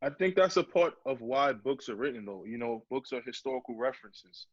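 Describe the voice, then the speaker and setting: Husky-voiced man host, dry muffled audio. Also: mid-range voice, lively intonation, brisk, dry recording. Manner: rambling, restarts questions. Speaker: podcast host. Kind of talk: casual interview questions.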